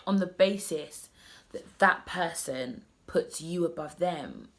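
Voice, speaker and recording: A woman's voice: low voice, animated, slow. A woman in her twenties talking straight to the camera in a heartfelt vlog, earnest and personal, often restarting her sentences. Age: 20s. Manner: earnest, direct address with many restarts. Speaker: vlogger. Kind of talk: heartfelt self-love vlog talk.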